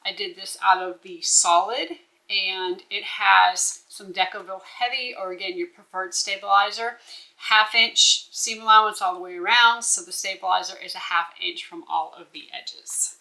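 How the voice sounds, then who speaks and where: A woman's voice: medium pitch, fairly even intonation, normal speed, bright, forceful tone, poor audio. A woman walking through a bag-making pattern step by step, instructive and checking in with the viewer as she goes. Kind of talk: step-by-step sewing tutorial.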